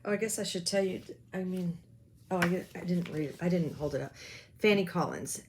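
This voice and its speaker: A woman's voice: lowish voice, a little fast, a little mellow, slight background noise. A woman chatting casually about her stitching projects, rambling and self-deprecating, with lots of ums. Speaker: cross-stitch vlogger. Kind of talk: casual show-and-tell chat.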